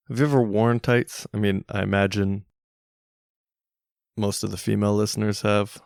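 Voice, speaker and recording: A man's voice: fairly low pitch, level tone, moderate pace, gravelly, pauses often, a little mellow, clear, resonant tone, no echo, clean studio sound. A young man hosting a solo podcast, rambling casually with jokey, self-mocking, crude humor. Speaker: podcast host.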